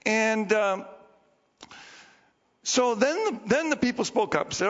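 A man preaching a sermon as pastor, telling the story in an animated way and acting out the people in it. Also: sits high, slow pace, long pauses. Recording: dull lo-fi recording with long hall reverb.

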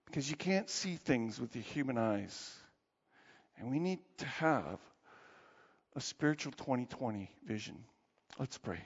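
A male pastor with a husky, mid-range voice preaches unhurriedly, pausing often, bringing his sermon's animated stories to a close with quiet prayer. The recording is dull, with long reverb from the hall.

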